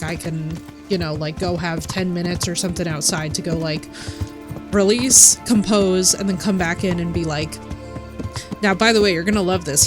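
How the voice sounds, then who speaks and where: A woman streamer chatting casually while playing, telling a story animatedly and quoting people in her own voice. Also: on the low side. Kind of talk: casual chat while gaming.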